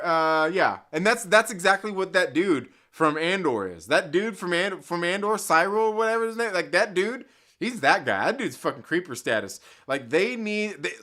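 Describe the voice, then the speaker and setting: A man talks casually on his live stream, cursing often and stringing thoughts together with endless "like"s. His voice sits a touch high for a man and rings bright and forward. He laughs easily between points as he reads chat. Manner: profane, rambling, lots of "like" fillers, laughs often.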